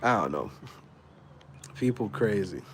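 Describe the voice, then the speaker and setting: A man's voice: lowish voice, animated, measured pace, fairly bright tone, slight background noise. Laid-back slangy man streaming. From Dominican heritage. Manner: laid-back slangy talk, laughs often. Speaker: livestream host. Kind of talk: casual livestream chat.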